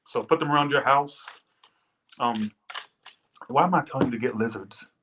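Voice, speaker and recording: A man's voice: medium pitch, moderate pace, a bit bright, slight background noise. A man giving a casual live tarot reading, rambling and chatty, swearing now and then as he thanks viewers and tells stories. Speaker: tarot reader. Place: Las Vegas.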